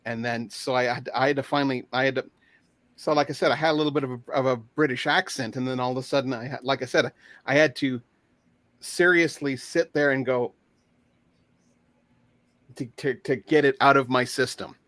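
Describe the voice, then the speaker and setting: Halting man on a dry video call. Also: medium pitch, steady tone, fairly bright tone, no echo. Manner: halting, many fillers and restarts. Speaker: guest. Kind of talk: casual chat.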